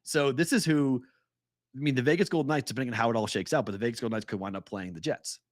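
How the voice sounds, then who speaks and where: A man co-hosting a sports betting podcast in casual chat, animated and laughing as he retells games. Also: medium pitch, racing, no room sound, studio quality.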